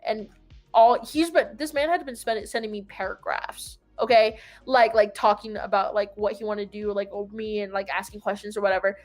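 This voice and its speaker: A woman's voice: medium pitch, steady tone, moderate pace, soft background music. A young adult woman telling a long story in casual chat, rambling and peppered with "like". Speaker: host.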